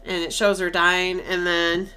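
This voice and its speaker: A woman's voice: fairly low pitch, unhurried, smooth. A woman co-hosting a podcast, casually retelling a movie scene by scene and acting out quoted lines. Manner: animated, acts out quoted lines with laughs. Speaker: podcast co-host.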